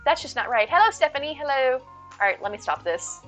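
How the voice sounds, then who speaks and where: Woman, live streamer, playful, punny, bright tone, faint background music. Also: high voice, sing-song, a little fast. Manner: playful and silly, jokes and puns. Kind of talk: live-stream chat with viewers.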